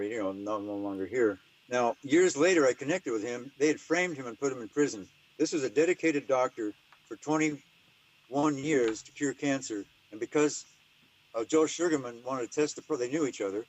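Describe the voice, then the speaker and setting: An older man talks as an interview guest in a mid-pitched voice. He rambles and stresses his points hard, jumping from one claim to the next. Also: a little mellow, rough recording. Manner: rambling, emphatic storyteller. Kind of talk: casual interview talk.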